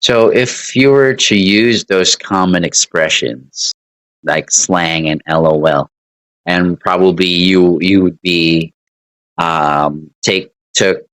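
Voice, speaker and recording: A man with a very low voice explains English to students at an unhurried pace, often stopping to fix his own wording and chuckling at his examples. The sound is close and dry, with little room around it. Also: fairly bright tone, no room sound, poor audio. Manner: rambling, self-correcting, laughs at own examples. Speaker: English teacher. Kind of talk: casual online English lesson.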